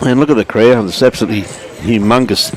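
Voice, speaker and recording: Aussie guy commentating lawn bowls live, chatty, says mate a lot, shouts out viewers. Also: medium pitch, fairly even intonation, fast talker, noisy background. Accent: Australian. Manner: chatty, greets viewers by name, calls everyone mate. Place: at a bowls club venue.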